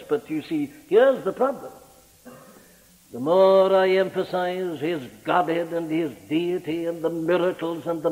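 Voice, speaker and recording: Impassioned preacher in a reverberant hall. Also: male voice, a little mellow. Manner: impassioned, rhetorical, with sweeping pitch rises. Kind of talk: sermon.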